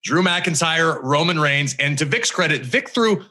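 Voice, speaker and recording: A man's voice: on the high side, expressive, unhurried, bright, forceful tone. A man hosting a casual talk show, earnest and rambling, often trailing off mid-sentence. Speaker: host. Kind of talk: casual chat.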